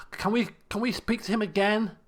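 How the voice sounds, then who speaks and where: A man commenting as he plays a game, animated, laughing and muttering to himself as he thinks. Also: high-pitched, moderate pace. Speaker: let's play host. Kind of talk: gameplay commentary.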